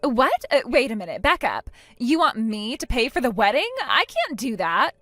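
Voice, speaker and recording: A woman's voice: fairly high pitch, sing-song, normal speed, fairly bright tone, dry recording, faint music behind. A woman voicing a spiteful, mocking young woman. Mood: flustered. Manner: taunting, sarcastic, dismissive. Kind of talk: voiced text-message story.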